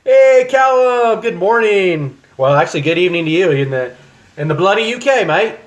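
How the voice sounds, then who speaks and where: A man's voice: high-pitched, animated, normal speed, voice pushed up. A man putting on a cheery, exaggerated mock-British bloke voice to greet a viewer in a livestream. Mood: playful. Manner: jokey, exaggerated put-on accent.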